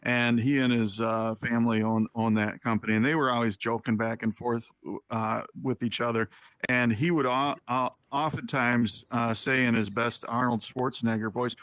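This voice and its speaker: A man's voice: medium pitch, steady tone, normal speed, fairly bright tone, no echo. A man co-hosting a talk show in casual banter, laughing often and restarting his sentences. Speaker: co-host.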